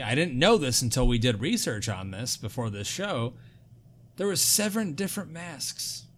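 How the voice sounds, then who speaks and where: Excitable, profane podcast host. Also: male voice, medium pitch, slight background noise. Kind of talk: casual podcast chat.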